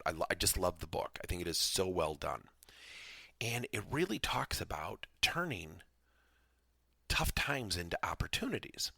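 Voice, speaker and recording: Deep gravelly man telling a story. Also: pushed and bright, dry recording, studio quality. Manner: earnest storytelling with emphatic asides. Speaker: podcast host and leadership coach. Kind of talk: solo podcast monologue.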